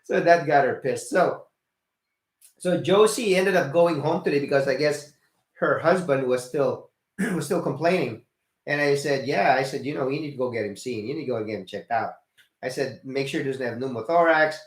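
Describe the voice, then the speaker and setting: A man's voice: mid-range voice, normal speed. An older man, a nurse from the Philippines, giving a rambling casual video update full of fillers and blunt swearing. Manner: rambling, many fillers and restarts. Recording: echoey room.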